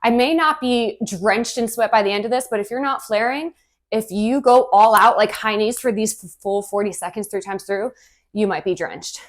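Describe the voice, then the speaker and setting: A woman's voice: medium pitch, moderate pace. A woman coaching a cardio session from her home kitchen, talking while she moves. She sounds upbeat and encouraging and a little out of breath. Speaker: fitness instructor. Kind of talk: workout instruction.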